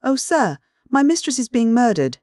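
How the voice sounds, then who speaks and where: An audiobook reader voicing a frightened, hysterical young housemaid in a high, tearful voice. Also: a little fast, darkish tone, no echo, studio quality, close to an everyday voice. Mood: frightened, sobbing.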